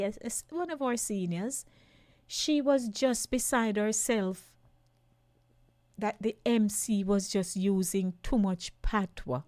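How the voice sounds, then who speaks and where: Jamaican woman, radio host, unhurried lively delivery, dry studio sound. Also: on the low side, dry recording. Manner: lively, slides into patois. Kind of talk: talk radio monologue.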